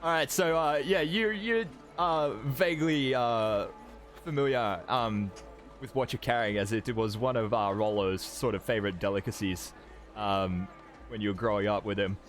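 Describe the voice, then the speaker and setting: A man's voice: on the low side, moderate pace, faint music behind. A man narrating as game master of a tabletop game, describing scenes in a rambling way with many ums and restarts.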